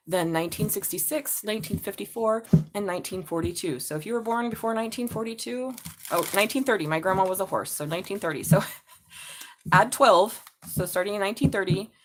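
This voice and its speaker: A woman in her forties giving a live-streamed tarot reading, talking excitably, swearing freely and often breaking into laughter. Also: lowish voice, slight background noise. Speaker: tarot reader.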